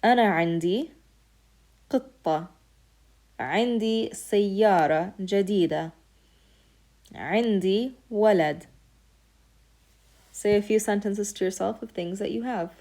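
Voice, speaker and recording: A woman's voice: medium pitch, normal speed, pauses often, warm tone. A woman teaching a recorded beginner Arabic lesson, explaining patiently step by step and saying each word aloud as an example. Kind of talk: recorded lecture.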